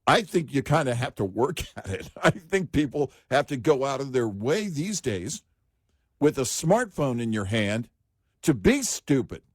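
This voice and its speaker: A man's voice: mid-range voice, sing-song, measured pace, slightly rough, dry recording, studio quality. A man co-hosting a talk radio show, giving emphatic, opinionated commentary with some joking. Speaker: radio co-host.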